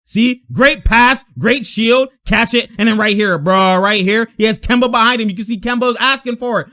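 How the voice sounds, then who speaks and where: A young man talks over game footage in a loose, slang-heavy reaction style. He laughs often and slips into the players' voices as he narrates. His voice sits high and rings bright and forward. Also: a little fast, few pauses. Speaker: sports reaction host. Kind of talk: casual basketball reaction commentary.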